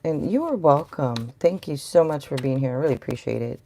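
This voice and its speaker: Deep gravelly-voiced woman reading tarot. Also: lively intonation, brisk, mellow, a little hiss or hum. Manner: chatty, rambling, talks to viewers in chat. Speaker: tarot reader. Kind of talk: live-stream tarot reading.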